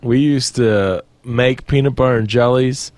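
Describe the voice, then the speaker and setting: Animated, swearing man in casual chat. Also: medium pitch, a little slow, no room sound. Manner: animated, swears, mock-panicked. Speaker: podcast co-host.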